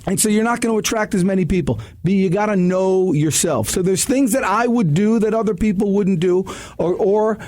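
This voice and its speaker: A middle-aged man speaks with a high voice in a casual radio studio chat. He gives sales advice in energetic, emphatic bursts, often restarting his sentences as he tells stories. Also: fairly quick, hardly any pauses. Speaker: sales coach guest.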